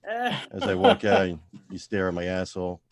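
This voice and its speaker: Deadpan man mumbling his stand-up set. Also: deep voice, moderate pace. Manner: mumbling self-deprecating asides, trailing off quietly. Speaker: stand-up comedian at open mic. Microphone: video call.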